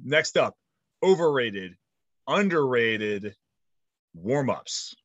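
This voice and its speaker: A man's voice: mid-range voice, drawn-out words, no room sound, muffled recording. A man in his thirties co-hosting a podcast, telling rambling stories with lots of swearing in casual chat. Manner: rambling, animated storytelling with swearing. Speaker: podcast co-host.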